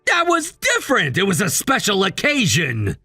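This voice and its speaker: A man's voice: high-pitched, very animated, measured pace, sharp tone, no echo, studio quality, soft background music, exaggerated voice. A synthetic man's voice reading a cold, demanding husband with curt, dismissive lines. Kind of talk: text-to-speech story reading.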